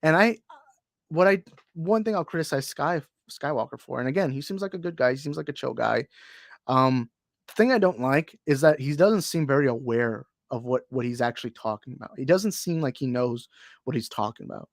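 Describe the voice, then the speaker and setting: A young man talks on a podcast with a mid-pitched voice, rambling and getting heated as he goes. His sentences keep restarting and doubling back. The sound is dry and close. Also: animated, a little fast, gravelly, dry recording. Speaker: podcast co-host. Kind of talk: casual chat.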